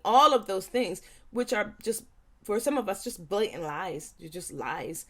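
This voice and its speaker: A woman parent educator speaking earnestly to parents, stressing points by repeating them and acting out quick quoted lines. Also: mid-range voice, expressive. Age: young adult. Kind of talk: talking to parents.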